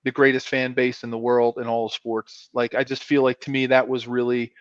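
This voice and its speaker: Speaking briskly at a medium pitch, this ex-pro football player spins animated stories on a laid-back fan show, performing the voices of everyone involved. There's no echo, and the audio is dry, dull lo-fi.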